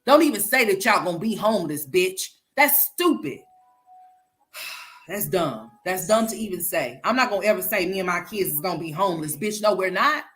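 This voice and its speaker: A woman streamer delivers blunt, profane reaction commentary straight to her live chat, her volume swinging between loud and quiet. Her medium-pitched voice is expressive and brisk.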